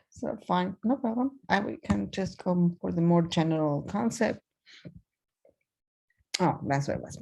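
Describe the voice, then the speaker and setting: A woman with an Argentinian Spanish accent gives a casual screen-share coding lesson, thinking aloud with plenty of fillers. Her voice is on the low side, creaky and warm, with a breathy edge.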